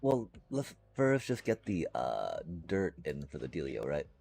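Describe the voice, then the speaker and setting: A man's voice: rumbling low, huge pitch swings, unhurried, gravelly, darkish tone, husky. A man streaming a game live, chatting casually and playfully to his viewers in a rambling way. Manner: rambling and playful, addresses chat.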